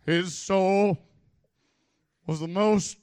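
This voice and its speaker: A man performing a comic slam poem live, theatrical, swinging from loud outbursts to low mutters. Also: steady tone, drawn-out words, smooth. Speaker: slam poet.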